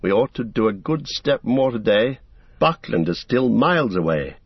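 A man voicing a thoughtful, worried male hobbit gentleman who speaks in a measured way. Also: mid-range voice, very animated, slightly rough, no room sound. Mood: serious. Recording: dull, dry lo-fi recording.

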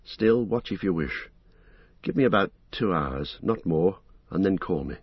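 A man reading the part of an earnest young male hobbit, gentle, thoughtful and resigned, on a dull lo-fi recording. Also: low-pitched, animated, measured pace, breathy edge, no room sound, heavily acted. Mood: calm.

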